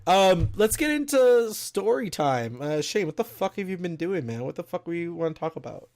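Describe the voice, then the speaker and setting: A man co-hosting a podcast, trading crude comedic banter in a deadpan way and spinning absurd mock stories. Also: high-pitched, moderate pace, creaky. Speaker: podcast co-host.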